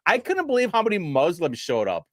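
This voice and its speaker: A man's voice: high voice, wildly swooping pitch, a little fast, no room sound, studio quality. A young man hosting a casual live stream, rambling and mocking with frequent laughs. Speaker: streamer host.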